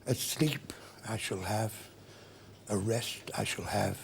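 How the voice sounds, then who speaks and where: Solemn man reciting verse very slowly, dark tone, faint background noise. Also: lowish voice, vocal fry. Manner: solemn, drops to a whisper. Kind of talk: slow dramatic poem recitation.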